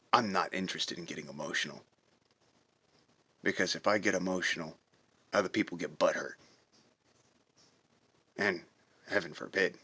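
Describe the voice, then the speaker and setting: A man in a profane, confrontational patriotic rant for a reaction video, hammering his points with slow drawn-out stresses. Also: low voice, bright, forceful tone, breathy edge. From United States. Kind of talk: heated patriotic rant to camera.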